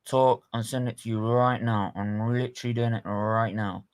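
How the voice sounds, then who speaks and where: A man's voice: medium pitch, moderate pace. A man with a London accent hosting a live football watchalong, chatting casually, swearing and laughing as he tells stories. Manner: laughing, swearing, animated storytelling. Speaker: stream host.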